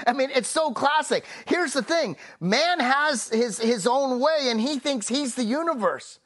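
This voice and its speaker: An expressive male pastor preaches with emphasis, taking key phrases slowly and tapering into a soft, low register as each thought wraps up.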